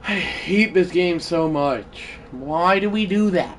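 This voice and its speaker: A streamer giving live commentary on a baseball video game, quickly frustrated, talking back to the game and bursting into shouts. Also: mid-range voice, slight background noise.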